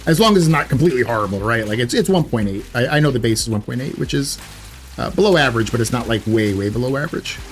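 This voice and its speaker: A man's voice: mid-range voice, lively intonation, fast, faint music behind. A man giving casual gameplay commentary in a chatty way, correcting himself often with loose filler words. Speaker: gaming YouTuber.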